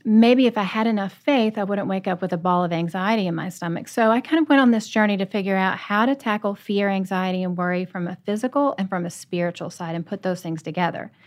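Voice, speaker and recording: A woman's voice: mid-range voice, quick pace, few pauses. A woman author guest telling a personal story earnestly and with animation.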